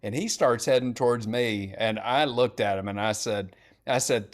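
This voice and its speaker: A man's voice: mid-range voice, normal speed. Blunt middle-aged man telling stories. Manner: animated storyteller, blunt and profane. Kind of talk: casual storytelling chat.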